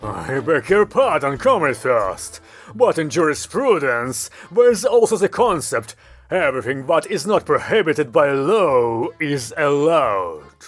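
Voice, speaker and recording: A man voicing a smug, calm male Soviet commander who lectures his superiors, in an audiobook with faint music. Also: on the high side, measured pace. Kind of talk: audiobook character voice.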